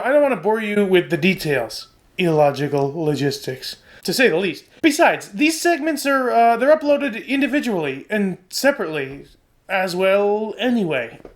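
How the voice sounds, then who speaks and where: A man's voice: high-pitched, a bit bright. A man hosting a satirical comedy show, delivering a sarcastic, mock-dramatic rant. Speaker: host.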